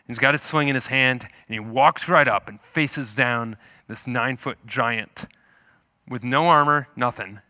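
A man preaching a sermon, retelling a scripture story in an animated, storytelling way. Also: mid-range voice, unhurried, no room sound, studio quality. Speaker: pastor.

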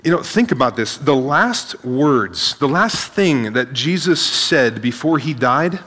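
Energetic preacher in a reverberant hall. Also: male voice, medium pitch, takes it slowly, few pauses. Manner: energetic, rhetorical questions, frequent "right?". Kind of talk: sermon. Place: large hall with a live audience.

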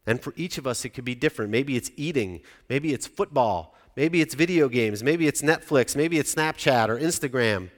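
Speaking at normal speed with few pauses, a pastor in his forties delivers his sermon in a medium-pitched voice full of lively intonation. He talks conversationally and often puts questions to the congregation, his words ringing through a reverberant church hall.

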